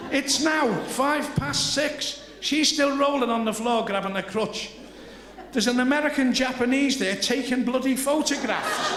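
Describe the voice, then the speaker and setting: Older Liverpool man telling yarns. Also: very high voice. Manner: rambling anecdotes with salty asides and rising excitement at punchlines. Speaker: comedian telling stories. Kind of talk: live stand-up storytelling. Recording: echoey live venue, faint noise.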